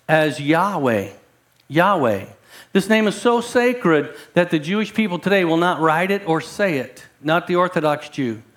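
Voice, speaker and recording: A male pastor with a voice that sits high preaches a sermon conversationally, repeating words to build emphasis.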